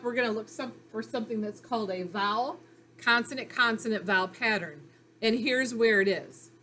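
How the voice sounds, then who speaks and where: A woman teaching young children phonics in a recorded lesson, speaking slowly and clearly in an encouraging way. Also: a little high, bright, forceful tone, slight background noise.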